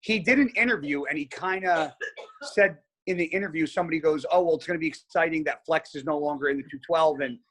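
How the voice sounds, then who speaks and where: Man, podcast guest, blunt, swears a lot, slightly high voice, animated storytelling. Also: fast. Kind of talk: casual chat.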